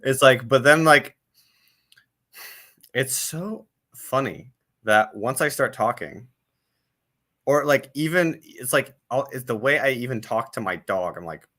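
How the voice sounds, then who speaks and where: A male host talks with a bright, forceful tone. His delivery is booming and animated. He sounds explosive when he gets going in casual conversation. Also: a little slow, pauses often.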